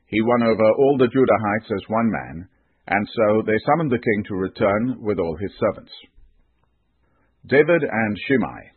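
A man giving a measured, scripted Bible reading as narrator. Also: fairly low pitch, animated, breathy edge, dry recording. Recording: tinny phone-like audio, dry.

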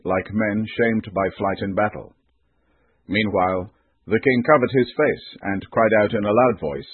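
A man giving a measured, scripted Bible reading as narrator. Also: lowish voice, husky, no room sound. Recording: tinny phone-like audio, dry.

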